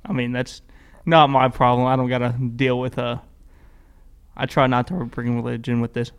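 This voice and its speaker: A young man with a Texan accent in casual podcast chat, joking in a deadpan way. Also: medium pitch, moderate pace, clear, resonant tone. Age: young adult.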